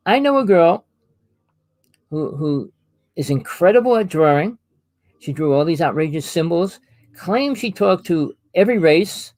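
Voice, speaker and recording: A man hosting a casual talk about experiences, telling long rambling stories in an animated way. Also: a little high, a little slow, long pauses, dry recording. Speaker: host.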